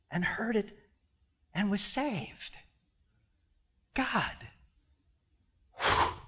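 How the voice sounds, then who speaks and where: A man with a high voice preaching a sermon at a slow, deliberate pace. He drops to hushed near-whispers, then rises to loud, impassioned declarations, stretching out the words he wants to land. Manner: slow, drawn-out emphasis on key words. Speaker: pastor.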